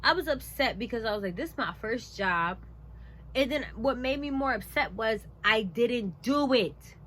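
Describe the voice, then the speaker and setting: Animated young woman telling a story. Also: fairly high pitch, normal speed, a little hiss or hum. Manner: animated, emphatic, conversational; frequent "like" and "blah, blah, blah". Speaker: vlogger. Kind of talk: casual storytime.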